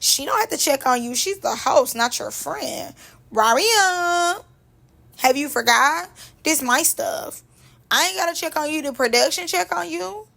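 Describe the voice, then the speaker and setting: A woman putting on the voice of a brash, defensive woman hosting a reality show, loud and sassy. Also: high-pitched, expressive, unhurried, vocal fry, voice pushed up, heavily acted. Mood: dismissive. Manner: loud, sassy, talks down to others.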